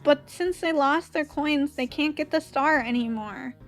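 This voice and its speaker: Valley girl streamer chatting while she draws, high voice, giggly, faint music under her. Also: unhurried. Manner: chatty, giggly, lots of "like" fillers. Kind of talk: casual stream chat while drawing.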